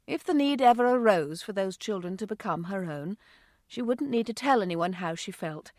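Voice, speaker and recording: A woman narrating an audiobook in a smooth, expressive reading voice. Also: mid-range voice, normal speed, no echo, clean studio sound. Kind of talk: scripted narration.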